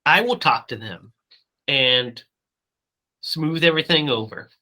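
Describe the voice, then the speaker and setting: Guy on a movie podcast, bright sharp tone, chatty animated recap, swears a bit. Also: a little high, a little slow, low-quality recording. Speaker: podcast co-host. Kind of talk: casual movie-review chat.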